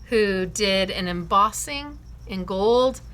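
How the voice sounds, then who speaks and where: Enthusiastic craft-class host, woman, bright tone, slow easy delivery, gushes over students' work. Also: mid-range voice, animated. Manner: enthusiastic, gushing, laughs often. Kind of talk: showing and praising students' cards.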